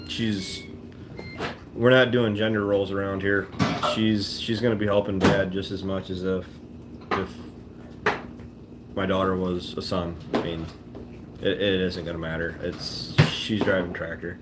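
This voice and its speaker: A man's voice: deep voice, flat delivery, unhurried, pauses often. A man, a farmer, chatting casually to his viewers in a rambling, plainspoken way with frequent restarts. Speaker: farmer vlogger. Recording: noisy ambient background.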